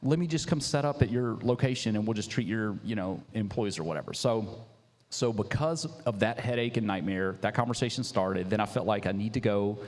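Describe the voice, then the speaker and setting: A young man, a coffee business founder, telling his story in a casual interview, animated and slangy, acting out what people said. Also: fairly low pitch, brisk. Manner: animated, slangy, acts out quotes. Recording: reverberant hall.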